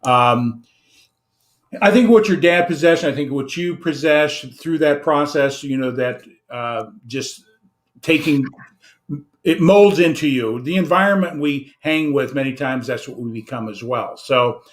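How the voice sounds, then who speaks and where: A man's voice: medium pitch, measured pace. Earnest male interview host. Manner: earnest, sums up with repeated phrases and fillers. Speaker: host, financial coach. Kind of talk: reflective interview talk.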